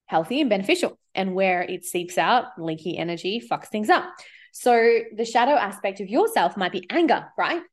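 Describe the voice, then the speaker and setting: A woman talking casually in a studio as a spiritual podcast host, chatty and swearing freely as she acts out inner voices. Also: medium pitch. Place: studio with windows.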